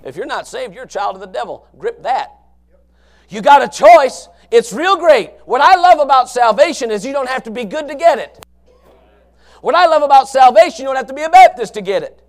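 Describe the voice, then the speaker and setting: A man preaching a fiery sermon, swinging from low murmurs to shouted passages in a folksy, emphatic way. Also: lively intonation, a little fast. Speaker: pastor.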